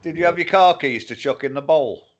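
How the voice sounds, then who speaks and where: Blunt, swearing man, slightly high voice. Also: fairly quick, muffled recording. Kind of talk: casual chat.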